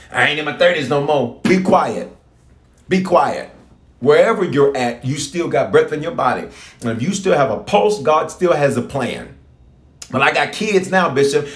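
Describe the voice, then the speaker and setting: Emphatic preacher man in a roomy hall. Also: fairly high pitch. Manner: emphatic, repetitive, call-and-response exhortation. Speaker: pastor. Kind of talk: fiery livestream prayer sermon. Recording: roomy echo.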